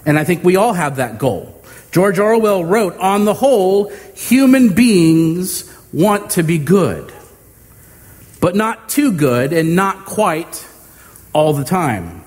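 High-voiced male preacher in a reverberant church. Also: sing-song, a little mellow. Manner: measured preaching with homey humor and slow emphatic pauses. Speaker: pastor. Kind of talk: sermon. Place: church sanctuary. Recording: long hall reverb.

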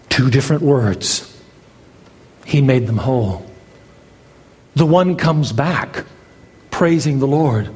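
A man's voice: medium pitch, darkish tone. A male pastor preaching a sermon, dramatic, his voice climbing as he voices the exchange between Jesus and Peter. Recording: long hall reverb.

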